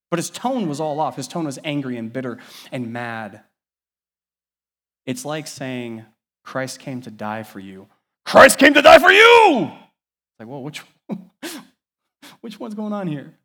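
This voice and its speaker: Animated man preaching a sermon. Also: mid-range voice. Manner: animated, varies loudness widely, conversational asides. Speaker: pastor.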